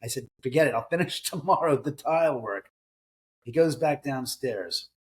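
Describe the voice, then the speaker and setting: A man's voice: medium pitch, lively intonation, normal speed. A middle-aged man, an author, telling ghost stories in a casual interview, acting out quoted voices and swearing now and then. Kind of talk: conversational storytelling in an interview.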